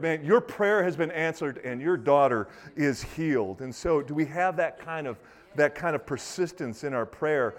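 Man, pastor, lively conversational sermon, a touch higher-pitched voice. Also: normal speed. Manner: animated, conversational preaching with acted-out quotes.

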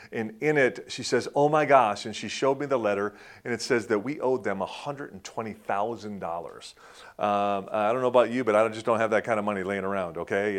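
A middle-aged man preaching a sermon as a pastor, telling stories dramatically, swelling loud and dropping to a hush. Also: on the low side.

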